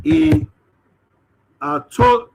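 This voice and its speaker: A man's voice: extremely high pitch, sing-song, drawn-out words, creaky, a little hiss or hum. A man presents a webinar, thinking aloud through a live screen-share demo with hesitant fillers.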